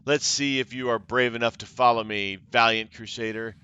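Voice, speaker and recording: A man's voice: medium pitch, fairly even intonation, normal speed, sharp tone, clear, resonant tone, no echo, lo-fi sound, natural voice. A man putting on a gloating villainous cult leader woman. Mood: furious. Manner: mocking, theatrical gloating. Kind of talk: reading game dialogue aloud.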